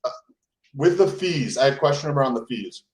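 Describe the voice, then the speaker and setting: Roomy, friendly host asking questions. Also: male voice, medium pitch, animated. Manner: friendly, halting questions with fillers. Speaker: host interviewing a guest. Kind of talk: casual interview.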